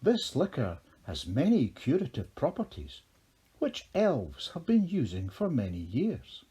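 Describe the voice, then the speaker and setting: A man's voice: mid-range voice, wildly swooping pitch, unhurried, dark tone, breathy edge, full character voice. A man voicing a polite, earnest young male elf who speaks courteously and sincerely.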